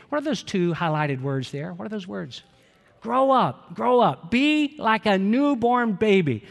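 A man's voice: sits high, lively intonation, a little slow, a bit bright. A middle-aged man preaching a sermon, talking conversationally and asking the congregation rhetorical questions. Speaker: pastor. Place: church sanctuary. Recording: long hall reverb.

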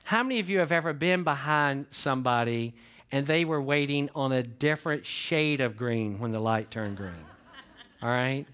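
An older man, a pastor preaching a folksy, animated sermon and asking the congregation questions. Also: mid-range voice, moderate pace, clear, resonant tone.

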